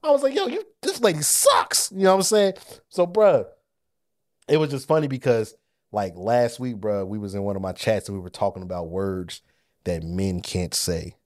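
Animated, lively-voiced podcast man. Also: on the low side, moderate pace, dry recording, clean studio sound. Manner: animated, profane, laughs while telling stories. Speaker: podcast co-host. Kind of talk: casual chat, storytelling.

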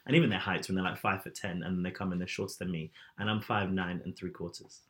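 A man's voice: sits low, fairly even intonation, fast talker, a bit bright. A young man in casual chat who talks in a chatty, teasing way and laughs often.

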